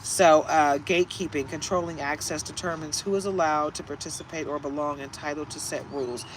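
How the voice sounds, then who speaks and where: A woman's voice: sits low, steady tone, a little fast. A chatty woman running a casual tarot reading who drifts into rambling stories. She laughs easily, and faint traffic noise hums in the background. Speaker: tarot reader. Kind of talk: casual live reading chat.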